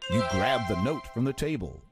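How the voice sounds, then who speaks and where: A game narrator reading scripted lines in a measured storybook manner, heard from game audio. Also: medium pitch, expressive, close to an everyday voice. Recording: game audio with faint music.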